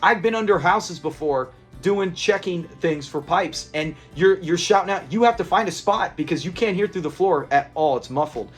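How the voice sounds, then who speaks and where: A man's voice: high-pitched, animated, moderate pace, hardly any pauses, faint music behind. A man hosting a casual episode breakdown, retelling scenes in a chatty, rambling way with frequent restarts. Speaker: episode review host.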